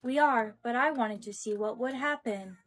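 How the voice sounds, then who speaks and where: A woman voicing a curious young female AI robot who asks flat, literal questions. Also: on the high side, moderate pace, no room sound, natural voice. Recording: faint background music.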